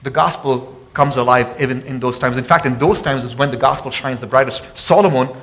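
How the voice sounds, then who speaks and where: A man preaching a sermon as pastor, passionate and calling out to the congregation for responses, often rising loud and high for emphasis. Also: brisk. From abroad. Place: church sanctuary.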